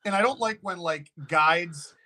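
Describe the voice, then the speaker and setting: A man who owns a haunted location, a guest telling a story in casual, animated talk and swearing freely. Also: sits high, unhurried.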